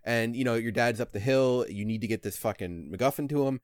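A man's voice: medium pitch, fairly quick, no echo, studio quality. A man co-hosting a podcast about a video game, talking emotionally and swearing as he retells scenes. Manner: emotional, swears, restarts often. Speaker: podcast co-host. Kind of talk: casual game discussion.

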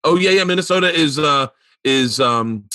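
A man's voice: fairly high pitch, lively intonation, moderate pace, sharp tone, no echo. A man hosting a podcast, telling rambling, profane stories in casual comedic chat. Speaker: podcast host.

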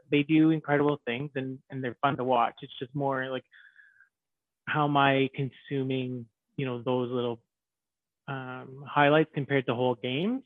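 A man's voice: medium pitch, no room sound. A man co-hosting a podcast, talking in a musing, hesitant way with many fillers. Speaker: podcast co-host. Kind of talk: casual podcast chat. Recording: tinny phone-like remote audio.

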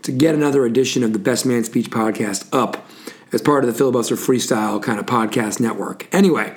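A man's voice: medium pitch, a little fast. A man hosting a casual sports podcast, chatty and rambling, with frequent fillers and asides. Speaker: podcast host.

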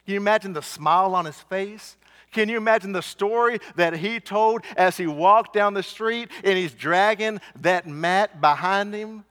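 A man with a high voice preaches a sermon, earnest and insistent. He asks his listeners questions and repeats key lines for weight. His voice rings out with a long reverb. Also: fairly bright tone. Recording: church hall reverb.

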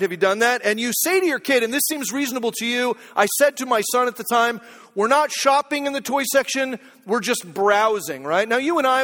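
Brief: middle-aged man preaching, chatty and story-driven, high voice, long church-hall reverb. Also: fairly bright tone. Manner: conversational storytelling, checks in with listeners. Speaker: pastor. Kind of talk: sermon.

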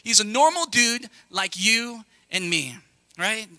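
A young man preaching a sermon as pastor, talking straight to the congregation in a lively, conversational way with quick asides. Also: high voice, dry recording.

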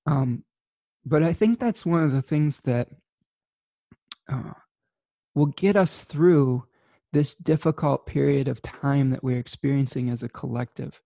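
A man hosting an astrology talk, speaking earnestly and haltingly with many fillers and restarts. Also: mid-range voice, vocal fry, dark tone, no room sound. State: choked up with emotion. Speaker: astrology host. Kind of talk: casual spoken monologue.

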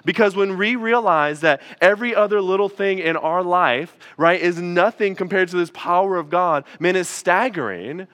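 A man's voice: high voice, normal speed, hardly any pauses, fairly bright tone. A young male pastor preaching a sermon in a conversational, emphatic way, calling the congregation "y'all".

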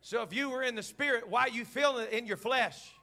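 Preacher guy, middle aged, fervent, goes from hushed stories to shouting, bright tense voice. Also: extremely high pitch, fast talker, vocal fry. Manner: fervent, swings from quiet storytelling to shouted preaching. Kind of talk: sermon. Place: church.

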